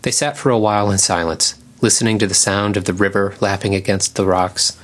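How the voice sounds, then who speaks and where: A man narrating an animal story in a calm, measured audiobook style. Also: sits low.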